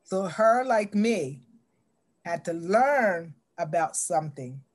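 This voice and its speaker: A middle-aged woman telling a story in an interview, acting out the dialogue with lively shifts in voice. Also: on the low side, takes it slowly.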